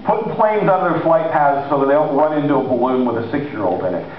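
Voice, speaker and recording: A man preaching a sermon in a conversational, animated way, acting out the people he quotes. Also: on the high side, fast talker, slight background noise. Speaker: pastor. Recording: echoey hall, distant mic, lo-fi.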